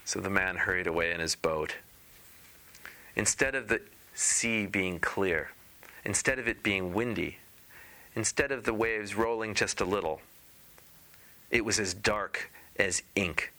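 A man narrating a fairy tale in a relaxed read-aloud, tossing in casual asides as he skips ahead. His voice sits low, yet the tone is strikingly bright and sharp. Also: a little slow, long pauses. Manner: informal asides and skipping parts. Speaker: storyteller.

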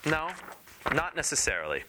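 A man's voice: on the high side, very animated, moderate pace, noisy background, pitched above the performer's own voice. A man voicing a greedy, demanding fisherman's wife in a raised, imperious voice while reading a fairy tale aloud. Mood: gloating.

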